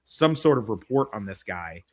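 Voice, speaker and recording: Animated, joking podcast host, man. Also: fairly low pitch, normal speed. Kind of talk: casual chat.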